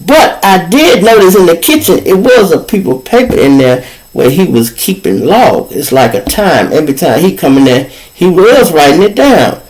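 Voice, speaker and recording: Animated Chicago man telling a story. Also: sits high, moderate pace, poor audio. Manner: animated, acts out both sides of arguments; profane street slang. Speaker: podcast host telling a story. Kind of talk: casual storytelling to viewers.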